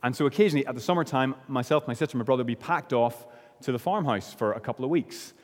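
Preacher from Northern Ireland in a hall. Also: male voice. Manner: earnest, slows and drops low on key phrases. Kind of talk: sermon. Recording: long hall reverb.

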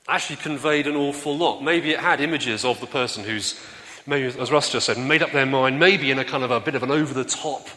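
A man's voice: medium pitch, fairly quick, bright, forceful tone. A man preaching a sermon in an easygoing, conversational way, telling stories and asking the room questions. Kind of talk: sermon with audience interaction. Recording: long hall reverb.

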